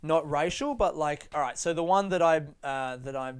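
Candid swearing young man, smooth voice. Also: on the high side, moderate pace. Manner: frank, swears freely, rambling with restarts. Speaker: stand-up comedian. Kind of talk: candid casual monologue.

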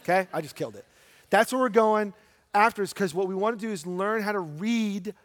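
A middle-aged man preaching a sermon in a church, conversational, asking rhetorical questions and slowing down for emphasis. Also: high-pitched. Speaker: pastor. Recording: long hall reverb.

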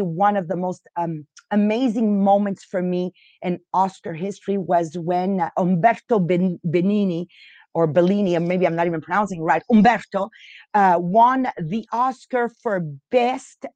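Woman, podcast teacher, casual, halting, dry recording. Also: mid-range voice, darkish tone, no echo. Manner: halting, restarts often, unsure of pronunciation. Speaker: podcast host leading a reading group.

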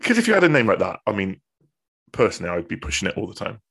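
A man's voice: lowish voice, huge pitch swings, gravelly, a bit bright, husky. A man co-hosting a podcast, teasing and swearing in casual banter. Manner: teasing, sweary, quick jokes. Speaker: podcast co-host.

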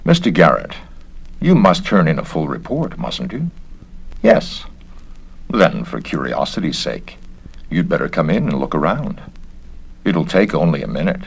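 A man's voice: a bass voice, very animated, measured pace, gravelly, long pauses, husky, full character voice. A man reading a story aloud, voicing a bitter, scheming male mansion owner with sardonic, theatrical delivery.

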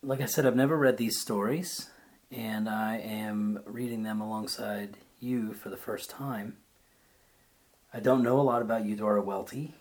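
Brief: a lower-voiced man reading a short story aloud, then reflecting on it in a thoughtful way. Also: steady tone, moderate pace. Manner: thoughtful, searching for words. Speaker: reader.

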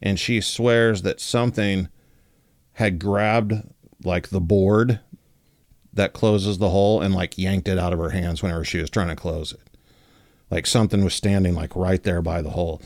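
A man hosting a podcast, telling a story in a relaxed, casual way with lots of filler words. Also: deep voice, normal speed, no room sound, studio quality. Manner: relaxed, many fillers like 'like' and 'you know'. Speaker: podcast host.

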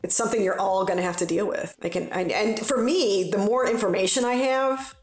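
A woman's voice: medium pitch, fairly quick. A woman in her forties who works as a funeral director, talking in a casual, rambling way with lots of fillers. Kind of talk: casual podcast conversation. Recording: roomy echo.

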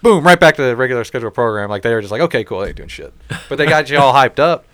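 A man's voice: medium pitch, rapid-fire, no echo. A man telling stories in casual chat, swearing freely and acting out what others said. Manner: profane, animated storytelling with quoted voices. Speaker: storyteller in casual conversation.

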